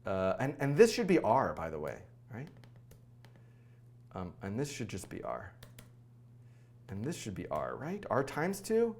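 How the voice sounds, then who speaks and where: A man hosting a live coding stream, thinking aloud in a rushed, flustered way, full of fillers and self-corrections. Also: lowish voice, huge pitch swings, a little mellow, slight background noise. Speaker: coding livestream host.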